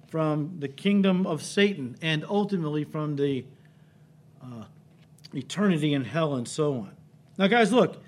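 A male pastor preaching a sermon, emphatic, rising to loud cries and dropping low, often checking in with the congregation. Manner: emphatic, builds to loud cries then drops low, frequent "right?" checks.

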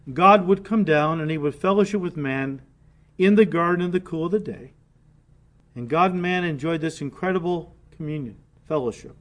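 A man preaching a sermon with earnest conviction, dropping to soft, low asides between emphatic points. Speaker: pastor.

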